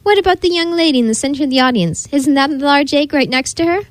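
A woman's voice: high-pitched, lively intonation, fast talker, dry recording, voice pushed up. A woman voicing a friendly male town mayor who speaks formally, as if announcing to a crowd.

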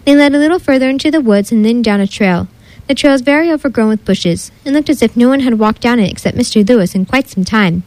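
A woman narrating a children's story in a steady, expressive read-aloud style. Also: on the high side, quick pace, no room sound, low-quality recording.

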